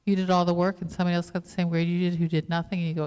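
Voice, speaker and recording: A woman's voice: lowish voice, little pitch movement, very fast, few pauses, darkish tone, clear, resonant tone. A woman pastor preaching a sermon in a conversational way, asking the congregation rhetorical questions. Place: church sanctuary. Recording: reverberant church hall.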